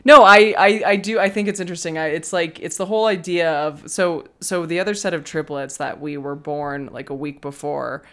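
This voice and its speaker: Low-voiced laid-back American woman. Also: steady tone, brisk, hardly any pauses, fairly bright tone. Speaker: podcast co-host. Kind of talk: casual chat.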